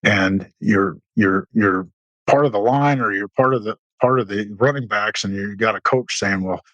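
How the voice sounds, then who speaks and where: In a casual storytelling interview, a middle-aged military veteran guest recounts war stories at normal speed in a fairly bright tone. His anecdotes ramble, packed with restarts and fillers, and he raises his pitch when acting out dialogue. The recording is echo-free yet rough.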